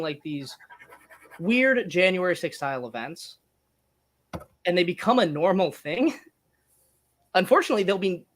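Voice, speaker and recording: A man's voice: fairly high pitch, fairly bright tone. A man talking as a guest in a casual interview, thinking aloud with restarts and small laughs. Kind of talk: casual conversation.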